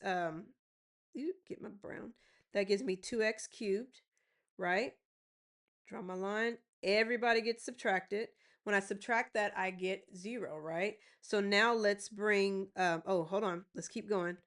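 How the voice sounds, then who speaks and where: A woman's voice: mid-range voice, fairly even intonation, fairly bright tone. Woman math teacher, patient and repetitive, checks that students follow. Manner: repeats phrases, checks in with "right?" and "y'all see?"; slows down to spell out terms. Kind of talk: step-by-step math lesson.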